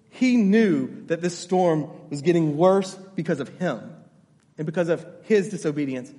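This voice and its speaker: A man's voice: on the high side, warm tone, long reverb tail. A man pastor delivering a sermon, emphatic, repeating his key phrases and checking in with the congregation.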